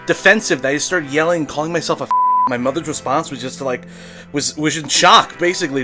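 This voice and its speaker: A man's voice: on the high side, brisk, bright, forceful tone, faint music behind. A young adult man from Brooklyn, telling a rambling, profane comedy story in a casual monologue. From Brooklyn, New York.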